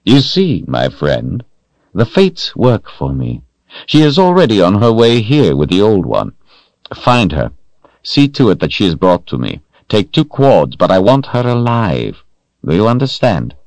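A man voicing a cold, commanding male sorcerer lord who speaks in a calm, measured, menacing way. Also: on the low side, no room sound, pitched above the performer's own voice, heavily acted.

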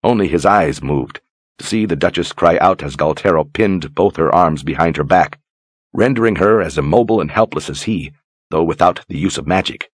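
A man narrating a fantasy audiobook in a measured, dramatic way. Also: low-pitched, slightly rough, no echo. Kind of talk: scripted narration.

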